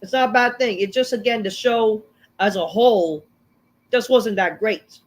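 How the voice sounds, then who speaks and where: A man's voice: high voice, normal speed. A man hosting a casual review of a wrestling show, rambling and swearing. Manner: rambling, profane, full of fillers and restarts. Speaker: show host.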